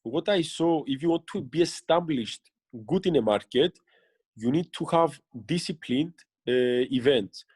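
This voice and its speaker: A man's voice: fairly high pitch, animated, measured pace, darkish tone, breathy edge, no echo. Earnest man giving coaching advice. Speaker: interviewed business leader. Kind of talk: motivational interview answers.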